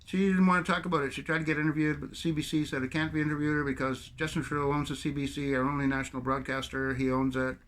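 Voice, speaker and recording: A man's voice: fairly high pitch, little pitch movement, fast talker, few pauses, a bit bright. A man from Canada giving a rambling, sarcastic political rant to camera as a video commentator. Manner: rambling, sarcastic storyteller with mocking put-on French bits.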